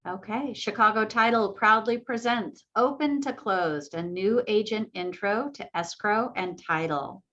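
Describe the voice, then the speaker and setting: A woman's voice: medium pitch, a little slow, few pauses. Woman host introducing a webinar. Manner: reads out an agenda in an even, organized way. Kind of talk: scripted introduction. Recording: slightly dull lo-fi webinar audio.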